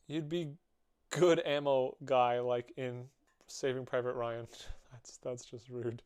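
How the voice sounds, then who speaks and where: Laid-back young man, breathy close mic. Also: mid-range voice, little pitch movement, a little slow, darkish tone. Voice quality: audible heavy breathing into the mic. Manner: laid-back, chatting with viewers and joking. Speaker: artist streaming while drawing. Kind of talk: casual live-stream chat while drawing.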